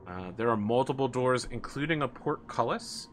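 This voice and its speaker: A man narrating as game master in a casual, hesitant way, filling pauses with "uh". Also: medium pitch, animated, a little hiss or hum. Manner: conversational with many "uh"s.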